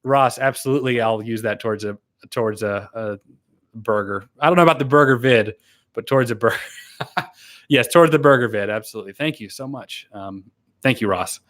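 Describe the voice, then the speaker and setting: This live-streaming YouTuber has a medium-pitched, fairly bright voice and talks a bit fast. Chatting loosely through viewer comments with fillers and laughs, he becomes earnest and grateful whenever he thanks donors.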